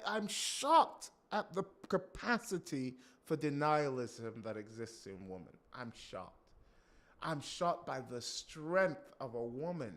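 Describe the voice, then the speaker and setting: A male preacher giving an animated sermon, acting out quotes and breaking off to comment on himself. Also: on the high side. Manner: animated, acts out quotes, self-interrupting.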